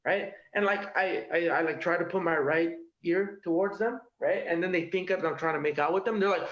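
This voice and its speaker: A man's voice: high voice, fairly quick, few pauses, fairly bright tone. A man performing a stand-up routine from his home kitchen, with a punchy delivery that tags jokes with "okay?" and "all right?". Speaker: stand-up comedian. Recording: roomy, dull lo-fi home recording.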